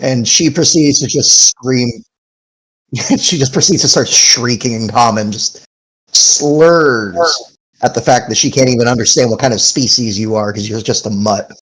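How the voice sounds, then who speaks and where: A man's voice: mid-range voice, measured pace, fairly bright tone, husky, low-quality recording. A young man acting as game master, casually narrating a tabletop game and laughing often.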